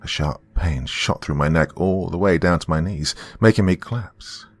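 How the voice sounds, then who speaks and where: A man hosting a horror podcast, narrating a first-person horror story in a slow, brooding way. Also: deep voice, no room sound.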